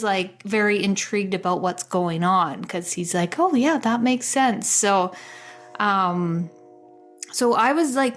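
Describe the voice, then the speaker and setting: Woman, podcast co-host, casual storytelling, rambling and chatty, medium pitch. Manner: rambling, chatty, fillers with "like" and frequent laughs.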